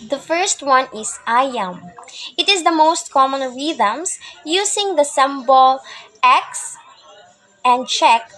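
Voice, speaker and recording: High-pitched woman reading her class presentation, short phrases, lots of "so". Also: fairly bright tone, low-quality recording. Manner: reads explanations in short phrases, saying "so" often. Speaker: student presenter.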